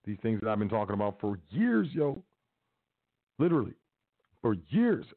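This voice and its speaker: On the low side and sing-song, this man's voice moves at normal speed as he hosts his podcast. He blends news he reads aloud with forceful, casual remarks full of slang, talking right to his audience over a dry, phone-like narrow recording with faint music.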